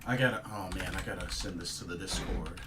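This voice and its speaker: A man reacting on his channel, emotional and grieving, talking haltingly with sighs and repeated exclamations. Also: sits low. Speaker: wrestling commentary YouTuber. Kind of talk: casual reaction vlog. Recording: distant mic with faint background noise.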